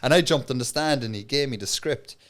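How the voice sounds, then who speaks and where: An Irish man, a comedian guest, telling stories in a casual podcast chat with lively market-stall patter. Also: mid-range voice, fairly quick. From Ireland. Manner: lively yarn-spinning, slipping into loud market-stall patter.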